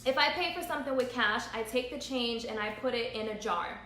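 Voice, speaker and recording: A woman's voice: fairly high pitch, fairly quick, fairly bright tone, echoey room, slight background noise. A woman in her thirties speaking earnestly on a livestream, repeating her points and laughing through emotion. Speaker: entrepreneur vlogger. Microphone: phone livestream.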